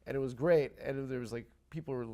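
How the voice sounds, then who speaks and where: A man's voice: mid-range voice, quick pace, mellow. A man hosting a comedy talk show, telling a rambling self-deprecating story and swearing freely. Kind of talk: casual comedic chat.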